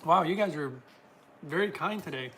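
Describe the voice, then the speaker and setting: A man's voice: a little high, moderate pace, bright, forceful tone, a little hiss or hum. A man hosting a casual livestream, reading out viewer comments and answering them in a chatty way, laughing often.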